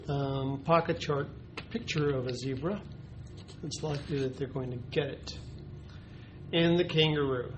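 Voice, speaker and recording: Male teacher educator, slightly high voice, hesitant, explanatory delivery, noisy recording. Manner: explanatory, with frequent ums and uhs. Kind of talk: instructional demonstration.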